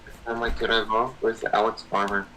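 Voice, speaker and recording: A young man with a lowish voice and a very bright, forceful edge, chatting in a laid-back way on a livestream. He reads out chat messages between comments. Faint hiss under the voice. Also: level tone, a little fast, rough recording. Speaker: livestream co-host.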